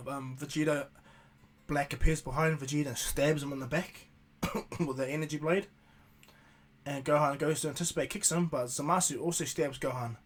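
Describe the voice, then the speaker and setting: A man's voice: a little high, steady tone, moderate pace, faint music behind. A man narrating a fan-made cartoon story casually, rambling with many restarts. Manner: rambling, filler-heavy with restarts and chuckles. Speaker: YouTuber storyteller.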